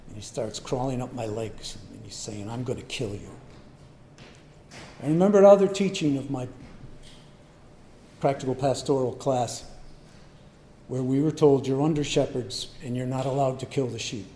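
A man's voice: mid-range voice, moderate pace, warm tone, a little hiss or hum. An older man preaching a sermon, telling a personal story in a conversational way. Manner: storytelling, conversational, acts out voices. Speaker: pastor.

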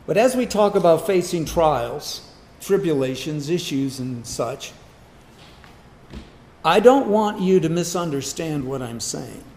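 A man's voice: fairly high pitch, animated, unhurried, darkish tone. A man preaching a Sunday morning sermon, asking the congregation rhetorical questions and repeating key words for emphasis. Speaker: pastor. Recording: echoey room.

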